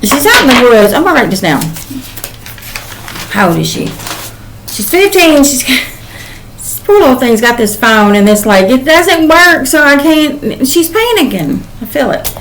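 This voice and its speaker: A woman's voice: fairly high pitch, big pitch swings, normal speed, long pauses, slight background noise, rough recording. An older woman, a psychic channeler, giving a casual spoken reading in a rambling, emotional way with many "um"s.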